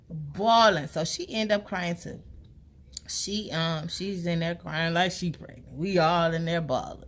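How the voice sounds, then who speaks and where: A young woman, telling a personal story in a casual storytime vlog and acting out quotes with big jumps in pitch. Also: unhurried.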